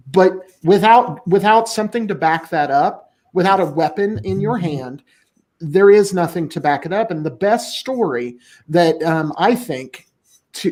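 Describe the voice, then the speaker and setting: A man hosting a casual podcast discussion, talking in a blunt, profane and animated way. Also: high-pitched. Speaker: podcast host.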